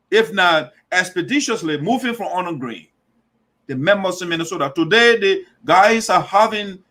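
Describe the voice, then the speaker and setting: A man's voice: high-pitched, fairly bright tone. A man from Liberia with a Liberian English accent, hosting a political commentary show, talking emphatically and repeating himself with restarts. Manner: emphatic, repetitive, restarts mid-phrase. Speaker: show host.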